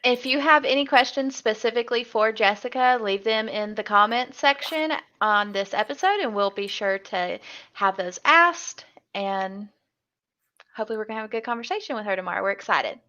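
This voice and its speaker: A woman co-host shares easygoing opinions in a bright, slightly high voice. The recording sounds dull and lo-fi. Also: animated, moderate pace. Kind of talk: casual live-show chat.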